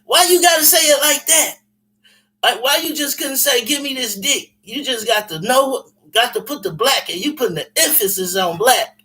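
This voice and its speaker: A man telling a story in casual chat, animated and profane, with lots of repetition. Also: very high voice, normal speed, low-quality recording.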